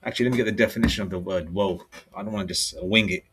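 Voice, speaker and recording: A man's voice: on the low side, a bit bright, breathy edge. Blunt, profane British preacher man. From United Kingdom. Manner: blunt and profane, with frequent "okay?" and "all right?" check-ins; reads scripture aloud slowly. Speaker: religious preacher. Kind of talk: informal preaching monologue.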